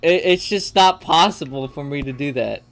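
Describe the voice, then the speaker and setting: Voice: medium pitch, moderate pace, a bit bright. A young adult streamer in casual, joking banter with friends during a live game session, laughing often and swearing freely. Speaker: gaming streamer.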